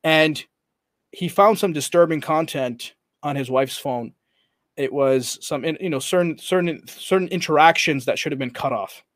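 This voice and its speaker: A podcast's guest coach tells a story conversationally and with animation, voicing the people in it and stumbling through frequent fillers and restarts. He sounds a little high and a bit bright, speaks at normal speed, and there's no room sound.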